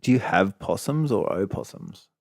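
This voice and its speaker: A man's voice: lowish voice, huge pitch swings, normal speed, creaky, a little mellow, dry recording, studio quality. A man with an Australian accent, co-hosting a casual podcast and telling rambling stories with a laugh. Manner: rambling, chatty storytelling, laughs often. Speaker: podcast co-host. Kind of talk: casual chat.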